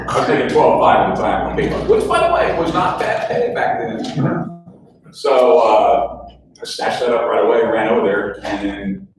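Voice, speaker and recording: Middle-aged man, chatty luncheon storyteller, lively delivery, distant mic in a reverberant room. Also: medium pitch, normal speed, noisy background. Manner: chatty, self-mocking anecdotes with quoted dialogue. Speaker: guest speaker. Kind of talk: storytelling talk at a club lunch. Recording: echoey room heard from a distance.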